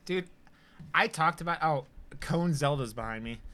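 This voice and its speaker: A man's voice: a little high, expressive, normal speed, sharp tone. A man co-hosting a horror podcast in loose casual chat, rambling with lots of fillers and swearing. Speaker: podcast co-host.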